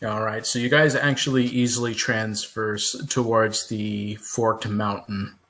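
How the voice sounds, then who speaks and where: A man narrating as game master, relaxed and explanatory, with frequent fillers. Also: lowish voice, measured pace.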